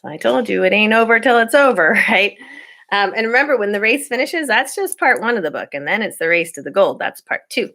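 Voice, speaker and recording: A woman's voice: mid-range voice, expressive, a little fast, bright, forceful tone. A woman teacher reading a novel aloud to her students at home, telling the story expressively and then chatting through class reminders with fillers.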